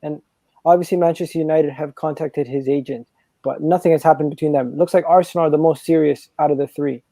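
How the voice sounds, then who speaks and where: A man chatting excitedly as a guest on a fan stream, often restarting his sentences. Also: on the high side, a little fast, no echo, low-quality recording. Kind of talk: casual fan stream chat.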